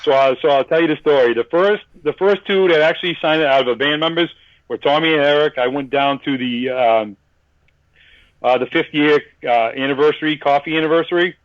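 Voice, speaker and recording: Rambling New England man, slightly high voice. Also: fairly quick, no room sound, lo-fi sound. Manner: rambling, with many restarts; acts out other people's lines. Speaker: podcast guest. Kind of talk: casual storytelling.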